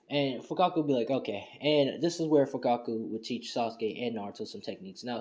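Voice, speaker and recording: A man's voice: mid-range voice, darkish tone. A man casually retelling a fan story, rambling with lots of fillers like "you know" and "and stuff". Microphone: home screen-recording setup.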